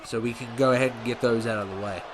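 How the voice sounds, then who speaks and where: A man's voice: mid-range voice, steady tone, fast, very noisy. A man giving casual, rambling commentary on a video game wrestling series, often correcting himself as he goes. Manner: rambling, self-correcting, laid-back.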